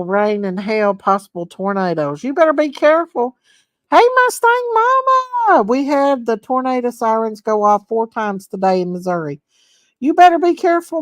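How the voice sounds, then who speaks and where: A woman hosting a casual livestream. She reads viewer comments aloud, greets people by name and gushes with excitement. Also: on the high side, dry recording, clean studio sound. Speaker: livestream host. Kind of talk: casual live chat reading viewer comments.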